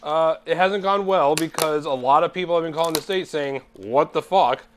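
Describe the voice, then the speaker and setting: A man's voice: a little high, steady tone, fairly quick, a little hiss or hum. A man co-hosting a casual chat show, ranting sarcastically. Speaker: co-host.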